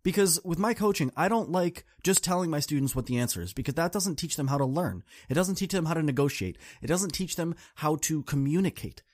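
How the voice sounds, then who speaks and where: A man's voice: on the high side, animated, brisk, few pauses, a little mellow, dry recording, studio quality. A man hosting a podcast, telling a coaching story in an earnest, direct, casual way. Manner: earnest, direct, addresses listeners as y'all. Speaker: podcast host and student coach.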